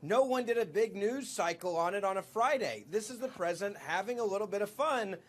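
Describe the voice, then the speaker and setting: A man's voice: sits high, animated, fairly quick. A man arguing on a cable news panel, insistent and interrupting the others. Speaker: panel commentator.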